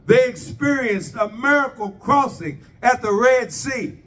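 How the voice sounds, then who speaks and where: A man's voice: very high-pitched, expressive, measured pace, fairly bright tone, far from the mic. A man preaching a sermon, asking the congregation rhetorical questions and drawing their responses.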